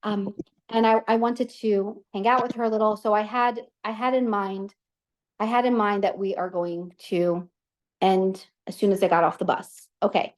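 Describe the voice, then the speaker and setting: A woman's voice: mid-range voice, moderate pace. Chatty woman telling a story. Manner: chatty, animated, with many restarts and asides. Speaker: guest speaker. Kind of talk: casual storytelling talk.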